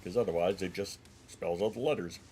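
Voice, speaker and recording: A man's voice: low voice, a little fast, warm tone, a little hiss or hum. A congested man streaming from home, chatting casually with his viewers and swearing now and then. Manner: rambling, swears, answers chat.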